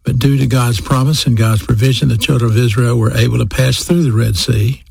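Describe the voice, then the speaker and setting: A man's voice: medium pitch, fairly even intonation, brisk, creaky, darkish tone, husky. A man preaching a sermon, speaking straight to his listeners and repeating key phrases for emphasis. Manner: addresses listeners directly.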